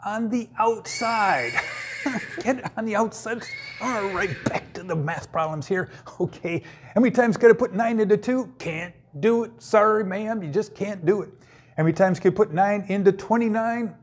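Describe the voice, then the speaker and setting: A man runs a playful math lesson with a high and slightly husky voice. He jokes, sings a little and stays goofy between the steps of each problem. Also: moderate pace. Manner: goofy, jokey, sings and puts on silly voices. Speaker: math teacher.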